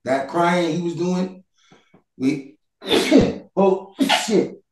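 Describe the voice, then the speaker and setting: A man, a guest in a casual interview, arguing loudly and profanely and often shouting. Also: high voice, very slow, distant mic. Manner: loud, animated, profane, argumentative, often shouting. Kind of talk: heated casual debate. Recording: echoey room.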